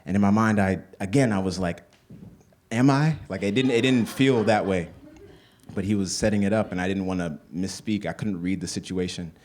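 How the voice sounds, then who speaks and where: Brief: deep male storyteller, stage anecdote, loose and conversational. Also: fairly quick, a little mellow. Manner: conversational, full of "like" fillers. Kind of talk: live comedic storytelling.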